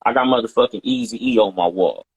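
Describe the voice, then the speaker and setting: A man's voice: mid-range voice, a little fast, breathy edge, no room sound, dull audio. A man from the West Coast talking casually and emphatically on a live stream. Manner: emphatic, profane, agrees often. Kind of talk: casual chat.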